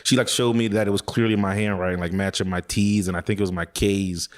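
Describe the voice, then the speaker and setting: Low-voiced man telling a rambling story. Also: steady tone, quick pace. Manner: rambling, filler-heavy telling. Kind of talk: casual storytelling.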